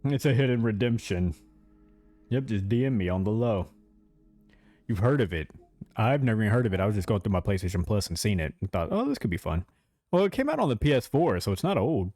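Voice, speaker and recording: A man's voice: fairly low pitch, big pitch swings, a little fast, mellow, no room sound. A man streaming a game live, chatting casually and talking straight to his chat, laughing easily.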